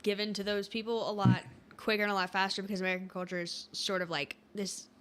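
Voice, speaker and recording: Quick sassy young woman. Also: medium pitch, level tone, fairly bright tone, smooth. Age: young adult. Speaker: guest. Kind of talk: casual political discussion.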